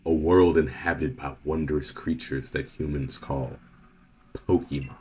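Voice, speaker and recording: Brief: ancient commanding deity, deep and deliberate, read by a man doing the voice. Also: fairly even intonation, a little mellow, slight background noise. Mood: solemn. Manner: slow archaic proclamations. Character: ancient solemn deity, male, vast and commanding.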